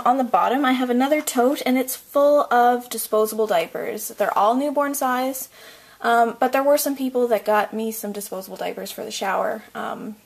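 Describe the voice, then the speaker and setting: This young vlogger's voice is a little high, creaky, husky, and slightly mellow as she casually tours a home nursery. Out of breath and chatty, she fills gaps with ums and likes and trails off as she moves about.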